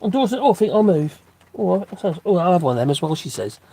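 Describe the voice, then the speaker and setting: Gravelly man rambling on a walk. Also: fairly high pitch, expressive, fast, dark tone. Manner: chatty and rambling, with many restarts and fillers. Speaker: live-stream host. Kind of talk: rambling casual live-stream chat. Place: outdoors on a dog walk.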